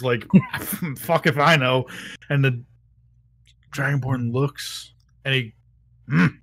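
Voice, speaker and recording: A man's voice: mid-range voice, fairly bright tone. A man narrating casually as game master, rambling with lots of fillers and restarts.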